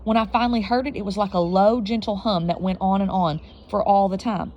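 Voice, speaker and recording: A woman reads a children's novel aloud in a medium-pitched voice. Her storytelling is expressive, and she sometimes stumbles and corrects herself as she goes. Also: fairly quick, muffled recording. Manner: expressive storytelling, slight slips and self-corrections. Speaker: reader.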